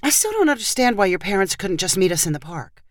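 A woman's voice: medium pitch, big pitch swings, fast, no echo, studio quality, lightly acted. A woman narrator voicing an exasperated mother with a complaining manner in a storybook reading.

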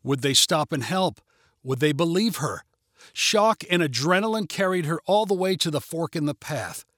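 A man's voice: on the high side, dry recording. Dry, close male storybook narrator. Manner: measured, even storytelling.

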